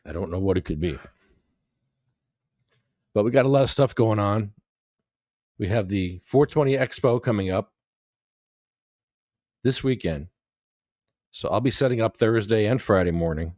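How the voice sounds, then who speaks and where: Laid-back low-voiced podcast host man. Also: normal speed, pauses often, darkish tone, no room sound, clean studio sound. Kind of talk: casual chat.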